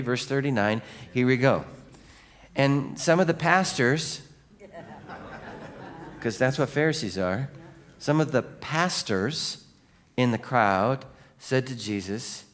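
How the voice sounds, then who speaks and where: A man pastor delivers a sermon at a middle pitch. He keeps firing questions at his congregation in an animated way and sinks into a slow, hushed delivery for solemn moments. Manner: drops to a quiet, slow voice for solemn points.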